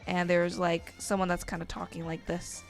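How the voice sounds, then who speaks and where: A woman's voice: on the low side, completely flat delivery, moderate pace, soft background music. Chatty woman teaching drawing on stream. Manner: chatty, rambling, filler-heavy. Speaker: art teacher. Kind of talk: live-stream drawing lesson.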